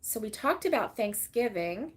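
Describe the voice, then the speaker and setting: A woman's voice: fairly high pitch, very animated, moderate pace. An older woman, hosting a casual crochet livestream and rambling through stories with fillers and laughter. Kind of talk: casual chat to live viewers.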